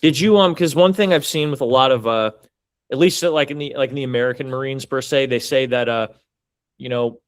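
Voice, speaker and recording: A man's voice: mid-range voice, a little fast, clear, resonant tone, no echo. A man hosting a podcast, asking rambling questions full of restarts and fillers. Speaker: podcast host. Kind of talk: casual interview chat.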